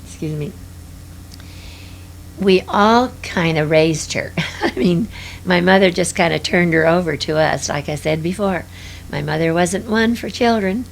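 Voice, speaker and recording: A woman's voice: lowish voice, unhurried, gravelly, slight background noise. An older woman reminiscing in an interview, rambling and hesitant with many fillers.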